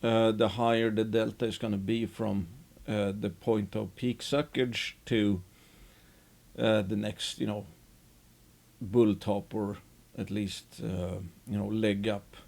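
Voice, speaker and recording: A man giving casual, unhurried investing commentary as host of his own show, rambling a bit with restarts. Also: lowish voice, little pitch movement, creaky, darkish tone.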